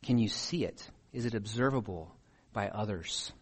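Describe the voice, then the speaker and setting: A man's voice: on the low side, moderate pace, slightly rough. A man preaching a sermon, reading scripture passages aloud and asking his listeners pointed questions.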